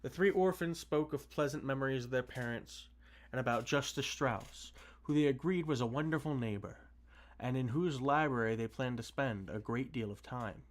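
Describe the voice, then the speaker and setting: A man reading a storybook aloud on a stream, steady with occasional restarts. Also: medium pitch, normal speed. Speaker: streamer reading books to chat. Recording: faint music behind.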